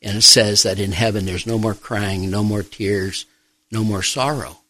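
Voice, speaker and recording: A middle-aged man, a pastor and grief counselor, speaking softly and reflectively in an interview, pausing often. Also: fairly low pitch, steady tone, slight background noise, low-quality recording. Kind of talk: personal testimony in an interview.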